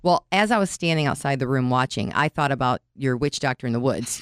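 A woman in her forties co-hosting a podcast, telling stories in casual chat and getting animated when she acts out scenes. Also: very deep voice, fairly quick, clear, resonant tone, no room sound, clean studio sound. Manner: chatty storyteller, animated when retelling scenes. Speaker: podcast co-host.

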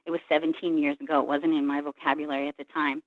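A woman's voice: deep voice, little pitch movement, fast, no room sound. Woman, reflective storyteller, acts out others' lines, tinny phone-line sound, dry. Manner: earnest, reflective, retells scenes by voicing others' words. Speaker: guest, Reiki practitioner. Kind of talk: personal storytelling in a call-in interview.

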